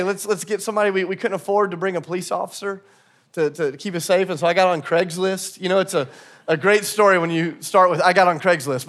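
A man's voice: high voice, fairly bright tone. A man preaching a sermon, telling a funny personal story and then rising into a passionate, repeated refrain. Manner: storytelling with humor, building to an impassioned repeated refrain. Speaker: pastor.

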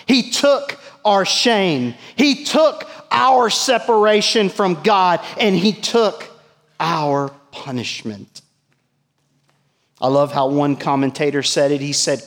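A middle-aged man preaching a sermon as pastor, swinging from emphatic peaks to hushed lines and asking the congregation questions. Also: fairly high pitch, in a large hall. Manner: rises to emphatic peaks and drops to hushed asides, asks the church questions.

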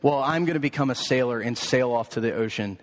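A man voicing a restless little boy rabbit from a storybook who wants to run away, talking quickly. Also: medium pitch, pitched below the performer's own voice, lightly acted. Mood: defiant. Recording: echoey hall.

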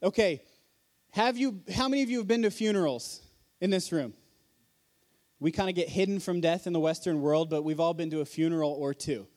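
A man speaking at a conference gives a sermon in a hall, earnest and conversational, using rhetorical questions. His voice is on the high side with a darkish tone, and he talks fairly quickly.

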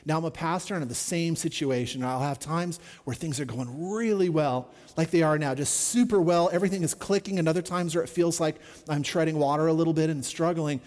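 A man's voice: a little high, brisk, few pauses, a little mellow, big-room sound. A middle-aged man preaching a sermon as a pastor, in an earnest, conversational way with repeated refrains.

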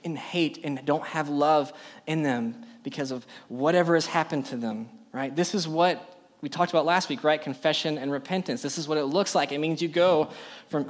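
A man's voice: on the high side, moderate pace. A young adult man preaching a sermon to a youth group, emphatic and full of rhetorical questions. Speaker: youth pastor.

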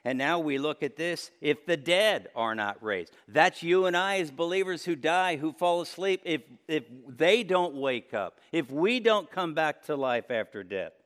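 Male pastor preaching, somewhat high voice, passionate delivery that rises loud and drops to a hush. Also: animated, unhurried, few pauses. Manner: impassioned preaching with wide swings between loud high peaks and low quiet passages. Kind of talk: sermon.

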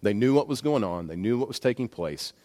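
A man's voice: medium pitch, expressive, fairly quick, dark tone. A man preaching a sermon, speaking conversationally with bursts of emphasis and asides. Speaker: pastor. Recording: long reverb of a large hall.

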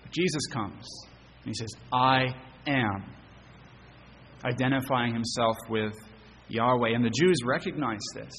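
A man's voice: medium pitch, unhurried, a bit bright, long reverb tail, a little hiss or hum, rough recording. A man preaching a sermon as pastor. He speaks earnestly, poses rhetorical questions and often repeats words as he rephrases. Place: church sanctuary.

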